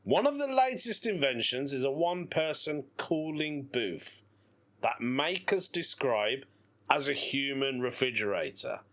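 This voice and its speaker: Hosting his laid-back solo podcast, a thirty-something man from Britain sounds very animated, his mid-range voice a bit bright and his pace a little slow. He giggles and laughs a lot, keeping things playful over faint background music.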